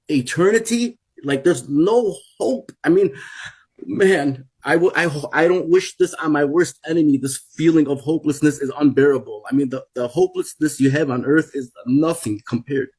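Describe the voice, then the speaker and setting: A man's voice: on the high side, a little mellow, breathy edge. A man in his forties telling an emotional personal testimony, urgent and repetitive, often restarting his sentences. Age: 40s. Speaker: testimony speaker.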